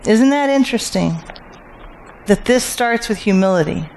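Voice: mid-range voice, expressive, moderate pace, creaky, darkish tone, a little hiss or hum. A Bible teacher working through scripture verse by verse, asking rhetorical questions, answering them, and repeating key phrases for emphasis.

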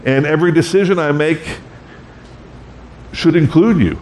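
A man's voice: fairly high pitch, unhurried, darkish tone, a little hiss or hum. A middle-aged man preaching a sermon, conversational and self-deprecating, acting out quoted voices. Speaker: pastor.

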